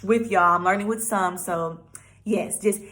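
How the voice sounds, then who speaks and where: A young woman talks straight to her viewers in a loose, chatty way, full of "like" and "you know." Her voice sits at a middle pitch, and her storytelling is animated and personal. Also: a little slow. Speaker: vlogger. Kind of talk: casual personal testimony.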